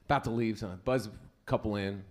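A man's voice: fairly low pitch, fast talker. A man performing a stand-up set at a comedy club, telling a story with stuttering impressions. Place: comedy club with live audience.

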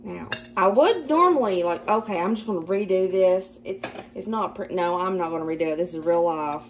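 A woman with a Southern American accent chatting casually through a cooking demonstration in her home kitchen. She is self-deprecating and quick to laugh. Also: on the low side, a little hiss or hum. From Southern United States. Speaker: cooking vlogger.

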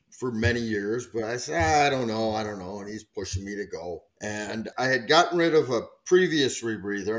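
A man who used to run dive charters, telling a story casually at a round table in an easygoing, drawn-out way. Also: mid-range voice. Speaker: guest diver, former charter captain.

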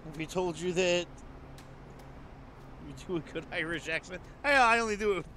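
Sweary laughing streamer. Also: male voice, sits high, moderate pace, pushed and bright, slight background noise. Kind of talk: casual let's play commentary.

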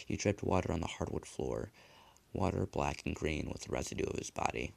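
Horror narrator, male, very low and gravelly, measured hushed reading. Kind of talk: dramatic horror story reading.

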